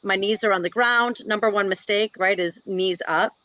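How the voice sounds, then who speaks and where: In a low-quality recording with no room sound, a Wisconsin woman speaks at normal speed in a mid-range, pushed and bright voice. She's a jiu-jitsu black belt and instructor appearing as an interview guest, chatting casually and peppering her sentences with "like" and "you know."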